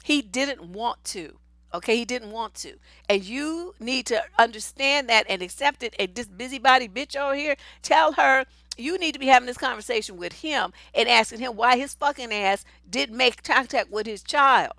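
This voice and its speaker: Woman advice host, high forceful voice, blunt and profane, dry close sound. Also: moderate pace, no echo. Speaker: relationship coach and host. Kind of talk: livestream advice show.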